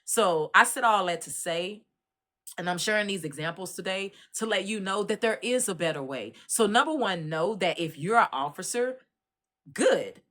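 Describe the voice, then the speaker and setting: A middle-aged Texan woman hosting her own commentary, talking straight to her audience in a loose, storytelling way. Her voice is bright and forceful, with a middle pitch, and she pulls listeners in with lots of "right?" and "you understand what I'm saying?". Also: moderate pace. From Dallas, Texas. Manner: animated storytelling, addresses listeners directly. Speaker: commentary host. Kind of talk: casual commentary monologue.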